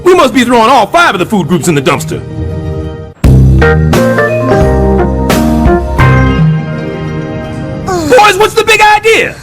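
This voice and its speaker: A man voicing a brash, scheming middle-aged building superintendent in a cartoon, loud and sarcastic. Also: extremely high pitch, wildly swooping pitch, normal speed, loud music behind the voice, exaggerated voice. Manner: loud, sarcastic wisecracking, jumps between growls and squeals. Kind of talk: stop-motion cartoon voice acting.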